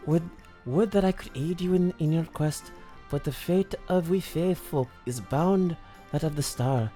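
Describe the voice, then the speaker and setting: A man's voice: fairly high pitch, dark tone, pitched above the performer's own voice, close to an everyday voice. A man voicing a doting, dramatic fairy royal with an attempted Scottish accent, reading theatrically over faint game music. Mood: doting, grand. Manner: theatrical, drawn-out reading with stumbles.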